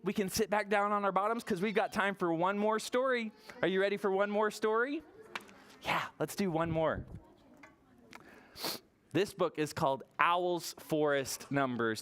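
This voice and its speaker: A woman librarian runs toddler story time in a library story room, speaking slowly and plainly to the small children in a cheerful, encouraging way. Her voice is medium-pitched and a bit bright, with slight background noise.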